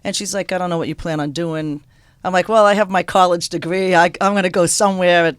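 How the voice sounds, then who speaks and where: A woman's voice: fairly low pitch, brisk, clean tone, dry recording. A woman with a Boston accent, a restaurant owner telling a story as a radio guest, acting out what people said. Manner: lively, animated storyteller acting out quotes. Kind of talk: storytelling in an interview.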